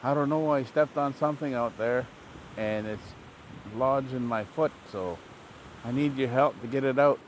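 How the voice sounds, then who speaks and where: A man's voice: mid-range voice, normal speed, slight background noise, lightly acted. A man voicing a greedy male seagull who whines and pleads that he is in pain. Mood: pained, pleading. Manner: complaining, pleading, cries in pain. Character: whiny, greedy male seagull hoarding the sun.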